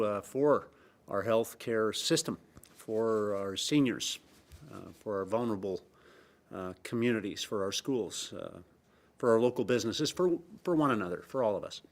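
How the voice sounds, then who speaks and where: A middle-aged man giving a measured, earnest press briefing as a premier, often pausing on uh. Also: fairly low pitch. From Canada. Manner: measured, earnest, with frequent uh fillers and repeated emphasis. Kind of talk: formal press briefing statement.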